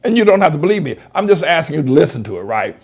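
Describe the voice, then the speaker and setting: A man's voice: a little high, big pitch swings, rapid-fire. A male pastor preaching a broadcast sermon, emphatic, stretching out key words and repeating himself.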